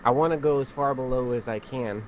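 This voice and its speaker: A man playing a tabletop game, talking casually and haltingly, now and then swearing. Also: mid-range voice, a little hiss or hum, rough recording. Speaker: player.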